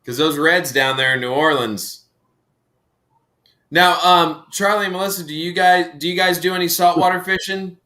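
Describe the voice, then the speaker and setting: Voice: mid-range voice, steady tone, normal speed, sharp tone. Giggly co-host, casual live-stream chat, laughs mid-story. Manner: giggly, laughs through stories.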